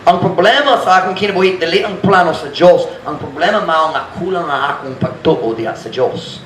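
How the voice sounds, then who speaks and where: A man's voice: on the high side, a little fast, a bit bright. A man, preaching a sermon as pastor in a frank, earnest way and acting out his own prayers. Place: church sanctuary. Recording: echoey church room, faint noise.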